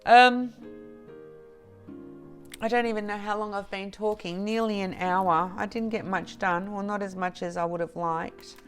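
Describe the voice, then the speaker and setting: A woman vlogger chatting to camera, slow and halting with restarts and soft laughs, teary and emotional. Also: medium pitch, level tone, faint music behind. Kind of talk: emotional casual chat to camera.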